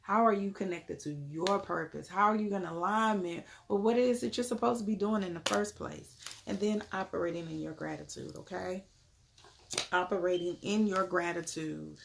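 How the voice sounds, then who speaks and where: A young woman, giving an animated live tarot reading and greeting her viewers. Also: lowish voice, moderate pace, vocal fry, a little hiss or hum. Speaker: spiritual tarot card reader.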